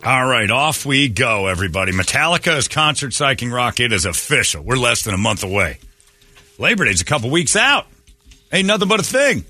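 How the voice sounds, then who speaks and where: A man's voice: medium pitch, sing-song, brisk, pushed and bright, no echo, soft background music. A man hosting a morning radio show, teasing his cohosts and laughing often in casual banter. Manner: joking, teasing, laughs a lot.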